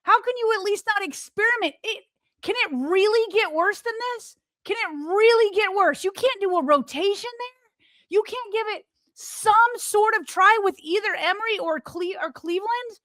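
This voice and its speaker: High-voiced woman ranting about football. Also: moderate pace, fairly bright tone, dry recording, studio quality. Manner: impassioned, fires off rhetorical questions. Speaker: podcast co-host. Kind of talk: sports podcast commentary.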